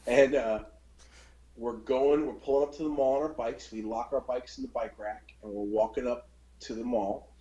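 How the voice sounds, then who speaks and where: A man in casual storytelling mode, profane and animated, slipping into the voices of the people he describes. The sound is roomy and a little dull and lo-fi. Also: mid-range voice, fairly quick.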